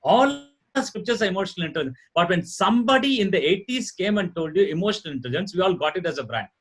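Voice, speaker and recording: Earnest Indian man with a husky voice. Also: high-pitched, lively intonation, quick pace. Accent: Indian English. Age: middle-aged. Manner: earnest, repetitive, emphatic explaining. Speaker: guest speaker, corporate trainer. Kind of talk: lecture-style talk show answer. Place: live event before an audience.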